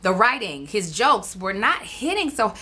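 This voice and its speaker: A woman hosting her own vlog, talking straight to her viewers in a sassy, animated, casual way. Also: medium pitch, measured pace, slightly rough. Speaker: vlog host.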